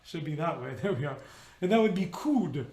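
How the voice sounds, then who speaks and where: High-voiced man coaching choir diction. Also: animated, fast talker, darkish tone, reverberant. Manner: demonstrative, modeling vowel and consonant sounds aloud. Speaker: choir director. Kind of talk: rehearsal teaching on singing diction. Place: indoors, remote rehearsal video.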